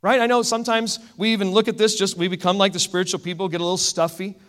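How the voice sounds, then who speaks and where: A man preaching a sermon as a pastor, telling stories in an animated way that swings between loud and hushed. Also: high voice, fast talker. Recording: echoey hall.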